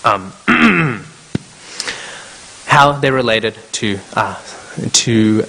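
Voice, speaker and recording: A man's voice: mid-range voice, sing-song, drawn-out words, creaky, sharp tone. Man teaching in an echoing temple hall. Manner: checks in with listeners with frequent "hmm?". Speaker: temple class speaker. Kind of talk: scripture class storytelling. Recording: long echo of a temple hall.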